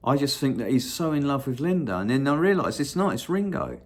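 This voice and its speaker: His mid-range voice swings widely in pitch as he talks briskly on his own channel. The host wanders through a casual monologue, swears freely, and hums or sings pieces of songs along the way.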